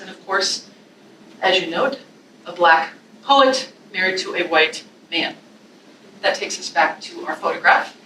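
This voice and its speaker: A woman's voice: medium pitch, a little hiss or hum. A woman college English instructor giving a classroom presentation, chatting in asides and reading a poem aloud with feeling. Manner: expressive, emotional, chatty asides with fillers. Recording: echoey room from a distance.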